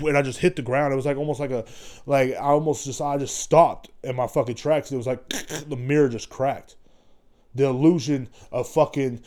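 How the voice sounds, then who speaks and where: A man's voice: mid-range voice, mellow. A young man hosting a podcast, giving a profane, rambling motivational monologue, full of swearing and constant "you know what I'm saying". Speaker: podcast host.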